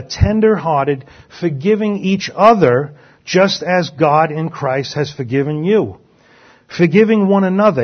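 A male pastor preaching a sermon, reading scripture aloud with lively emphasis. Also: a little high. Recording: dull lo-fi sound.

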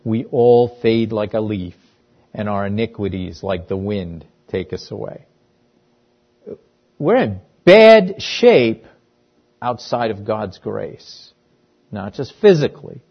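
A man's voice: fairly low pitch, unhurried, gravelly. A man preaching a sermon, emphatic and repeating key phrases for weight. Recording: dull lo-fi sound.

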